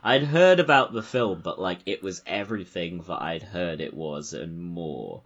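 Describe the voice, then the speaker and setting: A man with a lowish voice chats casually about a film as a podcast co-host, rambling and swearing. His tone is bright and forceful, and he laughs often. The sound is a bit dull and lo-fi. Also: lively intonation, unhurried.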